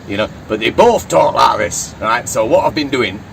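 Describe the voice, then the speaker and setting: A man's voice: mid-range voice, animated, normal speed, gravelly. A man from Blackpool with a Lancashire accent, chatting as an interview guest, rambling and swearing freely. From Blackpool, England. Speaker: interview guest, yacht crew. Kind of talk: casual chat. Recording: distant mic with urban background noise.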